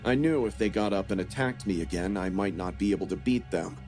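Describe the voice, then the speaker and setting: A man giving a scripted first-person horror narration in a steady, grim storytelling manner. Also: deep voice, brisk, soft background music.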